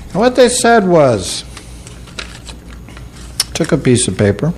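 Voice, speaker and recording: A man's voice: fairly high pitch, huge pitch swings, slow pace, a little mellow. Folksy storytelling man, wry and self-mocking. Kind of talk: storytelling talk to an audience.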